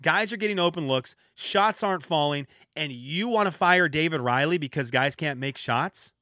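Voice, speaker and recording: A man delivers a solo podcast rant in a fairly high, bright, clear voice. He sounds exasperated and second-guesses himself out loud. The recording is close and dry, with no room sound. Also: animated, normal speed, no echo. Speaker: podcast host.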